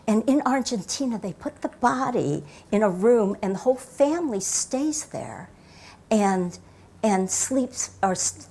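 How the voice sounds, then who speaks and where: A woman's voice: mid-range voice, darkish tone. An older woman pastor giving a reflective sermon in a church, reading scripture and telling stories, often dropping her voice to near whispers for emphasis. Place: church sanctuary.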